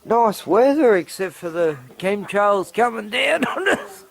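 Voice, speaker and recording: Aussie bloke vlogging from his yard, slow and cussing, voice leaps up high to yell, drops soft for the dogs. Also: animated, vocal fry. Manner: sweary, ranting, yells at roosters, coos to his dogs. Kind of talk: casual outdoor rant to camera. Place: outdoors in a rural yard.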